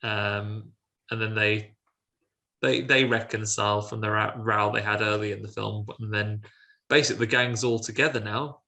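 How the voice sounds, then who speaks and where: A man's voice: on the low side, steady tone, normal speed, gravelly, bright, forceful tone. A man co-hosting a film podcast, retelling the plot in a chatty, sarcastic way. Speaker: podcast co-host. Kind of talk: casual film review chat.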